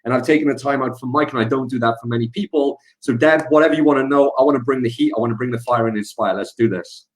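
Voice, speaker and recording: A man in his thirties giving a guest talk on a webinar, casual and energetic, hyping up the audience. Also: medium pitch, fast talker. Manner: energetic, hype-building. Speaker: guest speaker.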